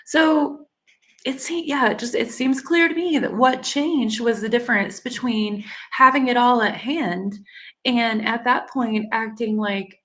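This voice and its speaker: A woman's voice: a little high, unhurried, fairly bright tone. Chatty, sarcastic woman commentator. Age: 40s. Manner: chatty and sarcastic, laughs, uses "y'all". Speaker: commentary channel host. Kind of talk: casual commentary reading news quotes.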